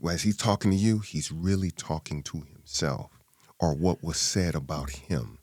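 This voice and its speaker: Very deep-voiced male podcast host. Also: normal speed, dry recording. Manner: reflective, explains calmly. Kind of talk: conversational interview.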